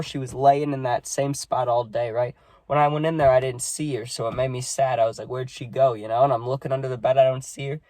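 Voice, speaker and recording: A man's voice: medium pitch, a little mellow, no room sound. A man talking casually and sadly in a vlog, rambling with many fillers. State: sad, subdued. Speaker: vlogger.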